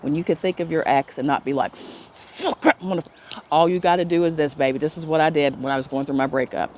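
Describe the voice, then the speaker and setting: A woman talks to her viewers in a casual spiritual pep talk. She is blunt and emphatic and swears freely. She acts out the voices she quotes, then slows down for soft, drawn-out blessings. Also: low-pitched, steady tone, a little hiss or hum. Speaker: spiritual self-love vlogger.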